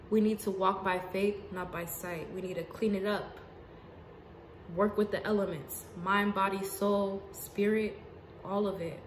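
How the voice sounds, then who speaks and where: A woman giving an unscripted spiritual monologue to her viewers, casual and profane, swinging between emphatic outbursts and hushed asides. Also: medium pitch. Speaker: spiritual vlogger. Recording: roomy echo with faint background noise.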